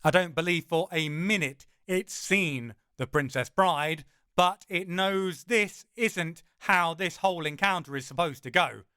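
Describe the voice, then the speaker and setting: A man narrating a first-person audiobook in a dramatic, wry way, slowing for emphasis. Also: on the high side, pushed and bright, clean tone, dry recording, studio quality.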